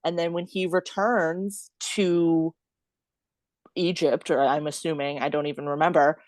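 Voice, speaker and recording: A woman podcast co-host who talks through her ideas in a chatty, giggly way, often laughing mid-sentence. Her voice is on the lower side and sounds dry and close to the mic. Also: steady tone, unhurried, a little mellow, no room sound. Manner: chatty and giggly, thinking aloud. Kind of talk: casual chat about a film.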